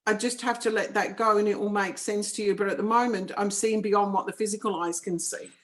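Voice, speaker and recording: A middle-aged psychic medium with a New Zealand accent talks frankly and firmly in a casual interview. Her mid-range voice is fairly even in intonation, a little fast and matter-of-fact.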